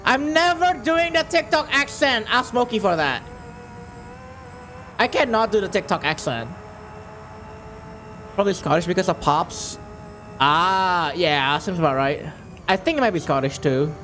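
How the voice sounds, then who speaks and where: A man's voice: sits high, expressive, unhurried, long pauses, pushed and bright, soft background music. A man casually chatting to his chat while playing a racing game on a stream, jokey and a bit profane.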